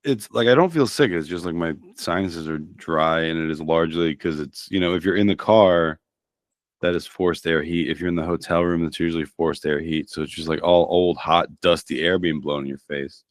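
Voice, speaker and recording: A man's voice: deep voice, normal speed, no room sound, studio quality. A man co-hosting a podcast in casual, joking chat, his voice a little worn from losing it. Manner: joking, wry. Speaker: podcast co-host.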